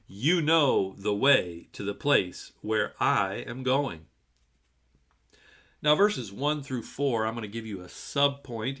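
A middle-aged man preaches a sermon at an unhurried, deliberate pace. His voice sits at an ordinary middle pitch, and he moves from earnest scripture reading into relaxed, conversational asides to the congregation. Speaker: pastor.

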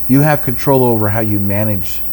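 A man's voice: on the low side, moderate pace. Casual man telling stories in chat. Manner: storytelling, animated when quoting others. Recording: faint background noise.

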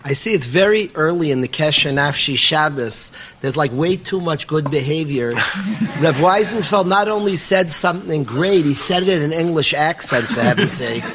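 A man from New York emceeing a gathering, joking and lively, mixing Yiddish and Hebrew words into his English. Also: fairly high pitch, moderate pace, noisy background.

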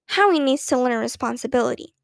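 A woman's voice: high voice, animated, fast, vocal fry, no room sound, studio quality. A woman voicing a well-meaning mother who speaks in a coaxing, reasonable way.

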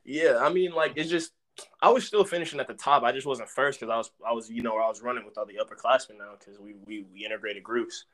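A man's voice: medium pitch, fast talker. A young man from Dallas, a former college football player, casually telling stories in a podcast interview and acting out what people said. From Dallas, Texas. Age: young adult. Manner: animated storyteller, acts out quotes loudly.

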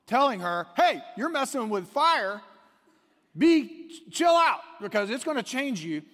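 Man preaching in a long-echoing hall. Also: on the high side. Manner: swings from hushed asides to near-shouted emphasis. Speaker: pastor. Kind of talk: sermon.

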